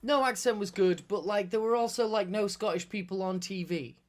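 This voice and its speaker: A man's voice: sits high, fairly quick. A man co-hosting a podcast, chatting casually, rambling with restarts and casual swearing. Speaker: podcast co-host. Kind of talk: casual chat.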